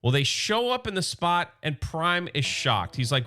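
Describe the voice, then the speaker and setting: A bright, forceful male voice sitting a touch above the usual pitch, talking through a comic issue with casual enthusiasm. He drops into quick, loose paraphrases of the characters' lines as he goes. A faint music bed runs underneath. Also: very animated. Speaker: comic book reviewer.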